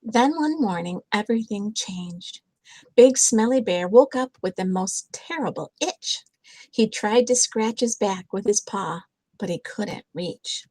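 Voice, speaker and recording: An older woman reading a picture book aloud to her grandchildren, gentle and chatty, with lots of little asides. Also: medium pitch, lively intonation, unhurried, no echo, poor audio.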